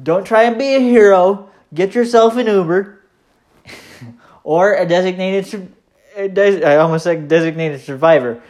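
A man's voice: high-pitched, moderate pace, darkish tone. A man with a Michigan accent hosting his own podcast, talking in a rambling, self-deprecating way with many fillers. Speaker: podcast host. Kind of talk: casual solo podcast monologue.

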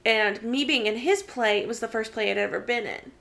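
A chatty woman with a bright, forceful tone and a somewhat high voice. She tells casual stories and acts out the voices of people she quotes. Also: creaky. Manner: chatty storyteller, quick laughs, acts out quotes. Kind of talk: casual chat.

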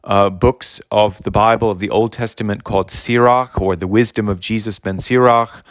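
A man giving an unscripted religious talk, halting and full of fillers and restarts. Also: lowish voice, fairly even intonation, no echo. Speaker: religious speaker.

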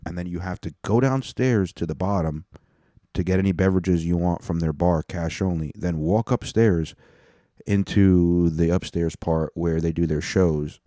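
A man with a very deep, mellow voice rambles through a profane solo rant, often stopping to correct himself. The sound is dry and close, with no room around it. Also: normal speed, no room sound. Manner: profane, rambling, self-interrupting. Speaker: stand-up comedian and podcast host.

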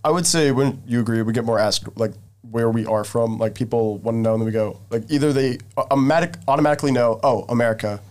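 Young dude co-hosting a chill podcast, dry jokey comments, laid back. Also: male voice, medium pitch, fast talker, a little mellow. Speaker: podcast co-host. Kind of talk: casual podcast chat.

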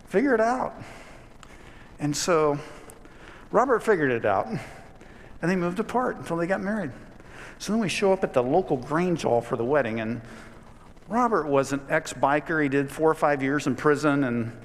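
A man delivering a sermon as a pastor, telling a story in a conversational way and building to emphatic points. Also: fairly high pitch. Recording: long hall reverb.

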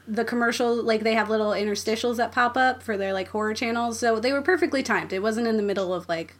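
A woman's voice: fairly high pitch, quick pace. A woman hosting a podcast, chatting casually and laughing often. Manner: giggly, frequent laughter. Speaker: podcast host. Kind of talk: casual chat.

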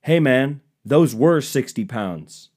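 A man's voice: mid-range voice, lively intonation, slow, darkish tone, pitched above the performer's own voice. A man doing an incredulous dim gym-bro.

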